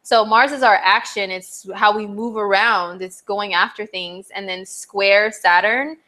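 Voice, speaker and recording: A woman's voice: medium pitch, fairly even intonation, unhurried, pushed and bright. A woman astrologer hosting a live stream, chatting casually and bubbly, often laughing as she answers viewers. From not from New Jersey.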